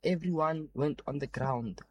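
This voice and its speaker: A man's voice: a little high, a little slow, slight background noise. Earnest man giving a testimony. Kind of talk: personal testimony.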